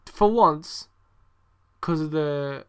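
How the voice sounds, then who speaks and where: Clear and resonant, a little high, the young podcast host draws out his words. He rambles through a casual wrestling review with sarcasm and exasperation, swearing a lot and peppering it with ums.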